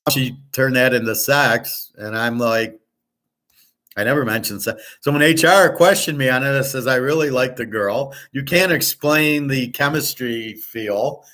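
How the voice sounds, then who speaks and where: A man's voice: medium pitch, a little slow, sharp tone. Blunt rambling man from Michigan. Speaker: host. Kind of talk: casual monologue.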